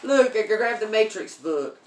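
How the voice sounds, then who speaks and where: A woman's voice: mid-range voice, animated, measured pace, roomy sound. Chatty woman reading tarot. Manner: chatty, repeats okay, many ums. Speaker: tarot reader.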